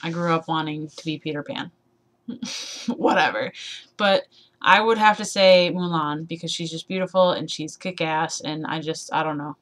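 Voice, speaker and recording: Young woman, 21, lowish voice, rambling, self-deprecating, giggly, sleep deprived, casual vlog chat. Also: normal speed, a bit bright. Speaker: vlogger. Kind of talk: casual tag video chat.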